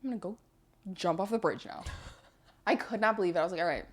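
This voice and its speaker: A young podcast co-host chats casually, telling stories and acting out quotes in a mid-range voice at a quick pace.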